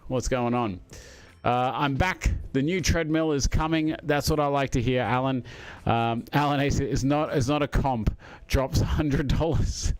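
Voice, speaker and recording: A middle-aged Australian man chats on a live stream in a loose, easygoing way. He rambles, stops to chuckle, and fills pauses with plenty of ums and uhs. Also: medium pitch, smooth, no echo. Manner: rambling, with many fillers and chuckles. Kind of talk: casual live-stream chat.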